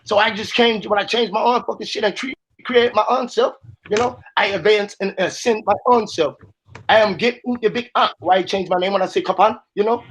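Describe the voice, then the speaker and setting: A man's voice: high voice, brisk, a bit bright, a little hiss or hum. A man hosting a casual panel discussion, blunt and profane, rambling as he talks. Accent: put-on made-up accent at times. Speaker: host of the panel stream.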